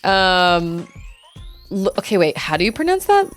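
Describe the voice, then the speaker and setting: A woman's voice: medium pitch, sing-song, unhurried, faint music behind. A woman from Utah streaming a game, rambling chattily and laughing often as she plays. She enunciates carefully, with hard R's. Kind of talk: casual chat while playing a game.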